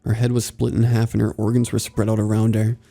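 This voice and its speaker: A man narrating first-person horror stories in a steady, grave, scripted storytelling manner. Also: fairly low pitch, fast, creaky.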